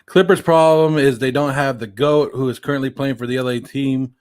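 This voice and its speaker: A man's voice: medium pitch, fairly even intonation, brisk. A man co-hosting a sports podcast, chatting in a laid-back, teasing way. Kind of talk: casual sports talk.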